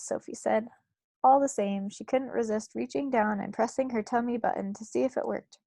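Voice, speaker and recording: Gravelly woman reading a children's book aloud. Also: a little high, normal speed, dry recording. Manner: expressive read-aloud, acting out quoted voices. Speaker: book club reader.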